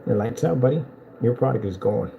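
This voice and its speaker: A man selling projector screens in a boastful, taunting vlog rant, telling animated stories with big swings in pitch. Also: a little fast, vocal fry, narrow, tinny audio, background noise. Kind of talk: ranting promotional vlog.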